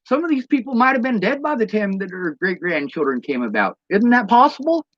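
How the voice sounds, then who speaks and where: A man's voice: high voice, sing-song, fairly quick, no room sound, muffled recording. A man delivering a blunt, profane rant as a monologue to camera, throwing out rhetorical questions. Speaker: vlogger.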